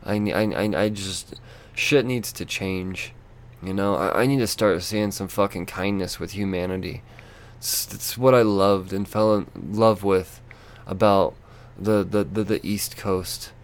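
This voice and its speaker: A man hosting a solo podcast, ranting in a frustrated, profane way with lots of halting restarts. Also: low-pitched, steady tone. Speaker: podcast host.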